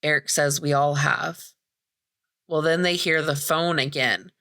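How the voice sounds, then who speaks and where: A woman's voice: low-pitched, steady tone, unhurried, bright, forceful tone. A woman hosting a podcast, retelling a horror movie in casual chat, swearing freely and acting out the characters' lines. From American Midwest. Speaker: podcast host.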